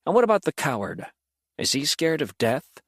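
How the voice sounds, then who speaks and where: Smug amused demon mercenary, read by a male narrator, lively and mocking. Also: fairly high pitch, normal speed, no room sound, clean studio sound. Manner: taunting, amused.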